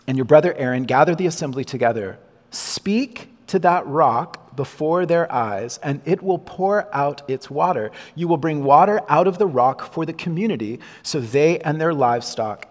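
A man delivers a lively sermon in a large hall, his voice a little high and husky. He slips into the voices of the people, Moses and God as he retells the story. A long reverb trails each phrase. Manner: animated, acts out the people, Moses and God in dialogue. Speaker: pastor.

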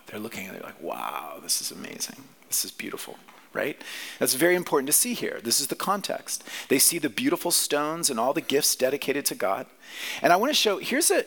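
A man's voice: a little high, vocal fry, fairly bright tone. A man preaching a sermon, teaching through a scripture passage in a conversational way and often asking the listeners questions. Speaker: pastor.

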